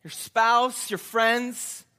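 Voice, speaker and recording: A man's voice: very high voice, fairly even intonation, extremely slow, sharp tone, smooth. A man preaching a sermon, telling a story in an earnest, reflective way and often repeating his words.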